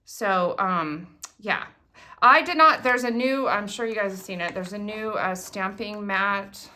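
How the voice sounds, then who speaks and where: A middle-aged woman chatting casually and excitedly as she unboxes new craft products for viewers. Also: medium pitch, unhurried.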